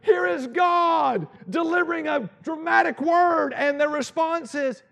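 A male pastor preaching a dramatic, animated sermon and acting out Bible scenes. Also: very high-pitched, measured pace, vocal fry, shouting.

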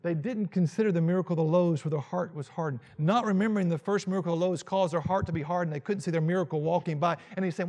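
A male pastor preaching a dramatic, animated sermon and acting out Bible scenes. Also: high voice, quick pace, few pauses.

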